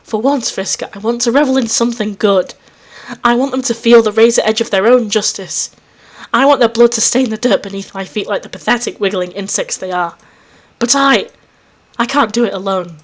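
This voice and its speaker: A woman, lightly acting, voices an intense, scheming alien girl. In a low, measured, brooding way, she speaks of justice and vengeance.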